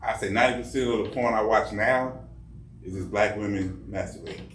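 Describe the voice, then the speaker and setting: Male guest, plain low-key delivery, heard off-mic in an echoey room. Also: fairly quick, a bit bright, a little hiss or hum. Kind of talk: casual chat. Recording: roomy sound, mic at a distance.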